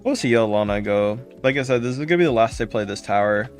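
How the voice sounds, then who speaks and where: A man's voice: medium pitch, quick pace, soft background music. A man streaming a game live, chatting casually and greeting viewers by name with repeated thanks.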